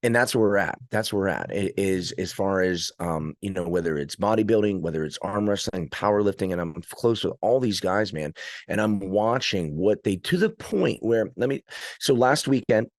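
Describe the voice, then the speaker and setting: A man, an arm wrestler and trainer, chatting casually on a podcast in a rambling, animated storytelling way full of restarts. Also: fairly low pitch, normal speed, no room sound, clean studio sound.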